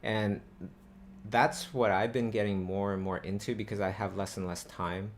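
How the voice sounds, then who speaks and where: A man's voice: on the low side, fairly even intonation, moderate pace, a little hiss or hum. A man hosting a casual group chat, rambling and thinking aloud with many fillers. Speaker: host.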